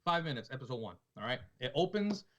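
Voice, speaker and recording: A man's voice: medium pitch, big pitch swings, fast talker, fairly bright tone. A man in his forties co-hosting a podcast, chatting casually and rambling as he retells scenes. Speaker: podcast co-host. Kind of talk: casual chat.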